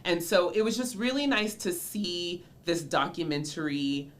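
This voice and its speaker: A woman in her forties with a notably low, deep speaking voice hosts her own podcast. She talks in a loose, chatty way, drifting into nostalgia, laughing often, and tossing in a friendly "y'all" as she addresses listeners directly. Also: animated, measured pace. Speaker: podcast host and mother. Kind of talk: casual solo podcast chat.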